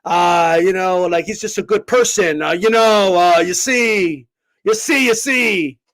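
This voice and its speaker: A man doing a mocking impression of a male boxing champion, stammering and halting, piling up fillers over and over. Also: high voice, fairly bright tone, no room sound, pitched below the performer's own voice. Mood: mumbling, evasive.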